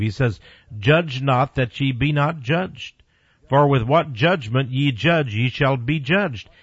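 Delivering a sermon, a preacher speaks bluntly and straight to his listeners, his pitch and volume swinging widely, while scripture passages come slow and deliberate. A breathy edge colors his voice, and the dull lo-fi recording has no echo.

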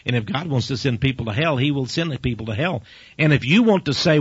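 Folksy husky radio preacher, a man. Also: mid-range voice, lively intonation, quick pace, no room sound. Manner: folksy, chuckling between points. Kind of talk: radio sermon. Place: office studio at his desk. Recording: dull dry lo-fi radio recording.

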